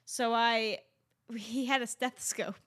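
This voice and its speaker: Bright-voiced woman telling a story. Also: a little high, unhurried. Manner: animated storyteller, acts out quotes. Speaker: podcast co-host. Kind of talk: casual chat, storytelling.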